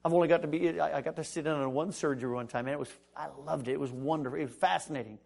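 A man with a high voice preaching a sermon, rising to loud proclamations and dropping to near-quiet speech. He slips into the voices of the people in his stories as he preaches. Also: fairly even intonation, very fast, creaky. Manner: acts out dialogue in the story. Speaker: pastor.

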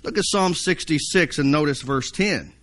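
Folksy high-voiced preacher. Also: male voice, animated, normal speed, a bit bright. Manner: folksy storytelling preacher, acts out panicked voices. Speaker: pastor. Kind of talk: sermon.

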